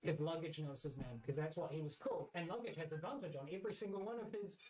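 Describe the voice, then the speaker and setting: A woman with a New Zealand accent playing a tabletop game, lively and playful. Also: deep voice, fast talker. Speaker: player.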